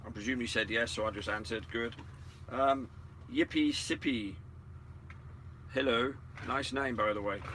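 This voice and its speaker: A man's voice: medium pitch, unhurried, long pauses, pushed and bright, a little hiss or hum. A man co-hosting a livestream in a casual, sarcastic style, greeting viewers one by one. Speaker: livestream co-host. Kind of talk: casual live chat. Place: indoors, in a vehicle.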